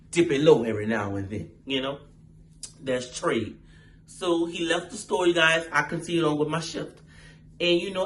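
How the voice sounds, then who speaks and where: A man's voice: a little high, a little hiss or hum. A man hosting his own storytime vlog, talking casually and animatedly to his viewers with lots of slang. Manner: animated, chatty, playful, uses slang and swearing. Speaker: storytime vlogger, channel host.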